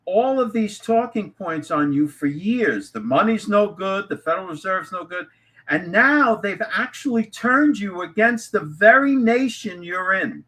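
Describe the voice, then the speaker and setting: Man, high voice, bright tone, indignant, mocking, talk show co-host. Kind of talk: casual political chat.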